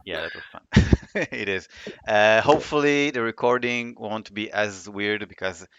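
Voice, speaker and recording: Man, low pitch, bright crisp tone, casual game master, hesitant and laid-back. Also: normal speed, no room sound, lo-fi sound. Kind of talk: casual tabletop game talk.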